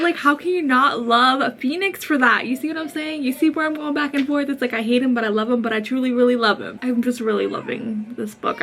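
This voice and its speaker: A woman's voice: fairly high pitch, gravelly, a little hiss or hum, poor audio. A woman book vlogger talking casually and emotionally, gushing and rambling about a book she is reading.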